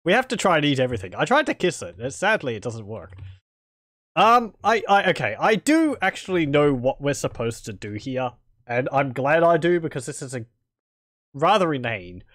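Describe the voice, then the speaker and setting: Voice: medium pitch, sing-song, moderate pace, fairly bright tone, dry recording, clean studio sound. A streamer doing let's play commentary, thinking aloud, speaking typed game commands and chuckling. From Australia.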